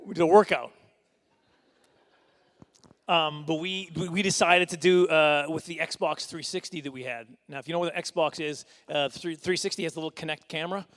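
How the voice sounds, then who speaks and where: A middle-aged man performs stand-up at a fundraising dinner. His voice sits high, and he rambles through his stories. He keeps mocking himself with quick chuckling asides. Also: steady tone, fairly bright tone. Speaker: stand-up comedian. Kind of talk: stand-up comedy set.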